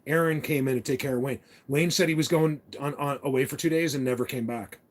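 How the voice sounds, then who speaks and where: A man's voice: mid-range voice, steady tone, brisk. A man rambling through a casual story, blunt and opinionated, with many restarts. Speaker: vlogger.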